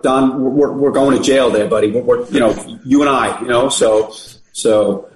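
A man's voice: medium pitch, fairly even intonation, moderate pace, hardly any pauses. Rambling storyteller man, echoey room. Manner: rambling, lots of fillers and restarts. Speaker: podcast guest. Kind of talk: casual storytelling.

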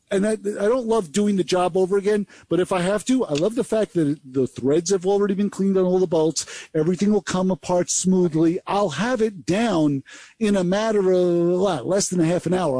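An older man co-hosting a radio show, telling a repair story in a lively, chatty way with mouth sound effects. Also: high voice, no room sound. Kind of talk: casual radio chat.

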